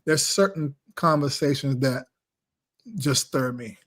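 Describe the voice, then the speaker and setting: A man's voice: medium pitch, slow, a bit bright. A man hosting a casual live-stream chat, talking in a blunt, emphatic, preachy way. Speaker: live show host.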